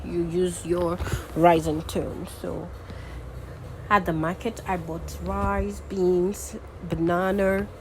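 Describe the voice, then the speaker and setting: A woman's voice: lowish voice, noisy background. A woman teaching intonation in an online lesson, demonstrating example sentences with exaggerated rising and falling tones. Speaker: diction teacher. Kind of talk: webinar lesson.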